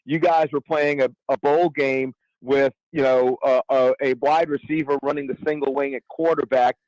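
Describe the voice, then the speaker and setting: A man's voice: medium pitch, steady tone, moderate pace, darkish tone, no echo, lo-fi sound. A man co-hosting sports radio in casual talk, often stumbling over restarts and cracking fan jokes. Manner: stammering restarts, joking fan banter.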